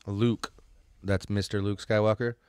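A man's voice: fairly low pitch, darkish tone. Enthusiastic male podcast co-host. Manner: enthusiastic, quick interjections. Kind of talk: casual movie review chat.

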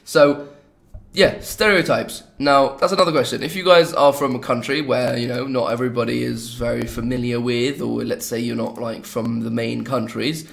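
A man's voice: mid-range voice, steady tone, moderate pace, creaky, a bit bright. A young man from England with an English accent, chatting casually and rambling with jokey asides as he hosts a gaming video. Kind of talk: casual gameplay commentary.

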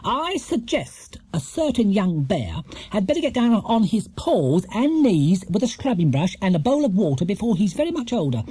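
A man voicing a stern, brisk older housekeeper who talks bossily. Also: sits high, sing-song, mellow, breathy edge, dry recording, voice pushed up, full character voice. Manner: bossy, brisk.

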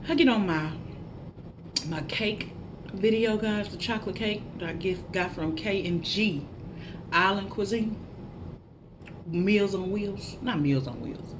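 A woman's voice: mid-range voice, measured pace, long pauses, noisy background. Chatty woman eating on camera. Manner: chatty, chewing and humming between bites; laughs at herself, animated shout-outs to viewers. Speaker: mukbang vlogger. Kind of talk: casual eating vlog chat.

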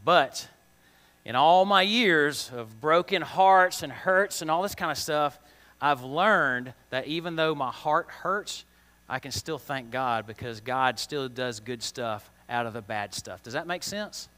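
A man's voice: a little high, a little slow, bright, forceful tone. A man teaching a children's Bible lesson in a chatty way, often asking the kids questions and using plain, slangy words. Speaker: kids' church teacher. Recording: long reverb of a large hall.

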